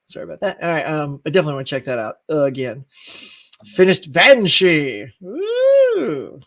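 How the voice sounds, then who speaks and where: A man's voice: a little high, huge pitch swings, normal speed, fairly bright tone. A man hosting a live stream show, chatting casually, reading viewer comments, laughing often and going off on tangents.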